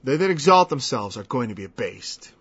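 A man's voice: mid-range voice, sing-song, a little fast, a bit bright, slightly rough. A man preaching a verse-by-verse Bible teaching in a conversational way, acting out the people he quotes in changed voices. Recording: dull lo-fi recording.

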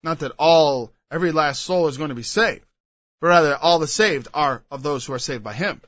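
High, bright-voiced man preaching scripture. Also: moderate pace, no room sound, lo-fi sound. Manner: reads scripture aloud, then explains it with emphatic asides. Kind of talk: expository Bible sermon.

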